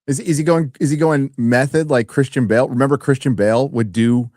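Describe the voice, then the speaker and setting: A man co-hosting a review stream, chatting casually and rambling with animated swearing. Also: mid-range voice, a little fast, no room sound, clean studio sound. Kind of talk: casual chat.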